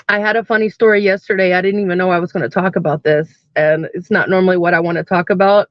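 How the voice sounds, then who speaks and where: A woman's voice: medium pitch, dry recording. A woman in her thirties talks loosely to her stream viewers, full of likes and ums as she wanders between topics. The sound is dry and close, with a dull lo-fi edge from the stream mic. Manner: chatty and rambling, many fillers and likes. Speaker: live streamer. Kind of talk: casual live-stream chat.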